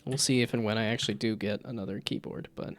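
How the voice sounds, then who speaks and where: A man's voice: on the low side, fairly even intonation, fast. A man streaming as a VTuber while he codes a game, thinking aloud with playful asides and muttered checks to himself. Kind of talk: casual live-stream chat while coding. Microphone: desk microphone with loud keyboard clicks. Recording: music playing under a live stream. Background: guitar music.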